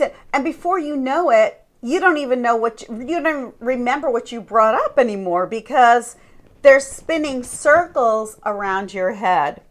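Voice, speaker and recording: A woman coach delivers a slow, deliberate teaching talk. Her voice sits a little high, and she leans on rhetorical questions to draw her listeners in. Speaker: Christian life coach.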